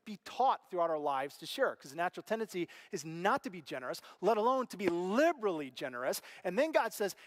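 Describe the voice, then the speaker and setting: Middle-aged pastor guy preaching, kinda high voice, super animated, acts out the voices. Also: big-room sound. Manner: animated storytelling, acts out quoted voices, big swings from loud to hushed. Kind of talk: sermon. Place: church auditorium.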